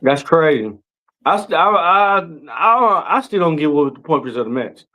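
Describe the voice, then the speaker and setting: A man in a casual chat, emphatic and repeating himself, with halting fillers. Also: fairly high pitch, very animated, pushed and bright, low-quality recording.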